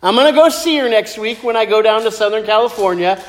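A man preaching a sermon as pastor, lively and joking as he tells stories. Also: high voice, fast talker. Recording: echoey hall with long reverb.

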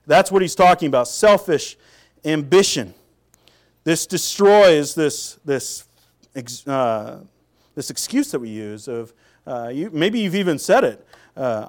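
Conversational pastor preaching. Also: male voice, on the high side, expressive, a little slow. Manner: conversational, many fillers and restarts, drops to quiet asides. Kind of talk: sermon.

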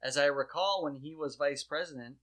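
A man with a fairly high, bright and forceful voice, riffing through a loose, rambling political chat. He talks in an animated way and swears freely as he goes. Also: fairly quick.

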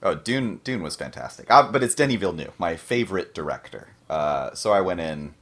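A man's voice: low voice, animated, fairly quick, fairly bright tone. A man co-hosting a podcast, chatting casually with easygoing, teasing banter. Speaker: podcast co-host. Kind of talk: casual chat.

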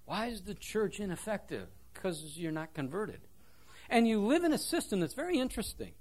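A man preaching a sermon in church, telling stories with a self-deprecating, animated manner. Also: sits high, moderate pace. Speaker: pastor.

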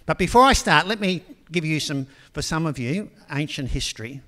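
Older male preacher, slightly high voice, chatty storytelling sermon, long hall reverb. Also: animated, normal speed, bright, forceful tone. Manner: conversational storytelling with frequent ums.

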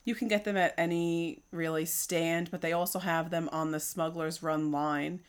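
A woman's voice: low voice, steady tone, normal speed, clean tone. Easygoing woman co-host chatting. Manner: easygoing, adds details, hesitant fillers. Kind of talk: casual chat.

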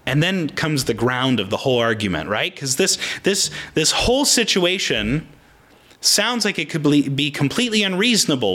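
A man in his thirties preaching, his voice bright and fairly high for a man. He talks in an animated, conversational way, often slipping into little voices for the people in the story. His pitch swings widely as he goes. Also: normal speed. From Oregon, United States. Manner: animated, acts out voices in quotes. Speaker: pastor. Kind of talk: sermon.

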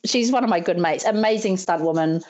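A woman's voice: on the low side, a little fast, highs cut off. A woman, a stunt performer in her thirties, telling stories in a casual interview and acting out the lines of people she quotes, laughing often. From New Zealand. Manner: animated, laughing, acts out quotes.

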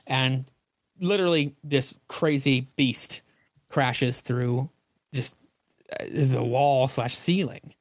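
A man's voice: medium pitch, takes it slowly, no room sound, clean studio sound. A man hosting a podcast, chatting casually as he recaps a comic and briefly acts out the characters' lines. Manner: retells comic scenes, acting out lines in passing. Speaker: podcast host. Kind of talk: casual chat.

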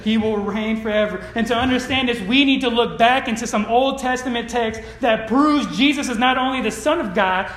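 High-voiced male pastor, roomy church echo. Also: a bit bright. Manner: earnest storytelling, building to emphatic declarations. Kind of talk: sermon. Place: church sanctuary with congregation.

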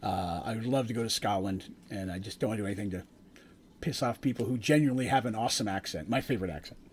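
A man's voice: on the low side, fast, a little mellow. A man game master recapping a tabletop session in a casual, rambling way, often correcting himself mid-sentence. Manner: rambling, self-correcting, chatty asides.

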